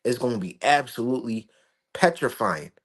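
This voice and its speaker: A man's voice: mid-range voice, normal speed, a bit bright. Emphatic man preaching Bible prophecy. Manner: emphatic, stammering restarts, swears freely. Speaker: street preacher. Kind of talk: informal Bible commentary.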